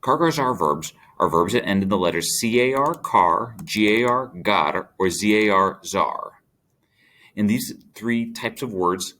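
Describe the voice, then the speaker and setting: A man's voice: lowish voice, fairly bright tone. A man teaching Spanish grammar in a recorded lesson, explaining step by step and checking that students follow.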